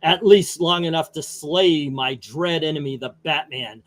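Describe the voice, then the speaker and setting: Unhinged shrill clown villain guy doing it, comic read-aloud, pitched way up, loud. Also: measured pace, close to an everyday voice. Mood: scheming. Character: manic grown male clown supervillain, theatrical.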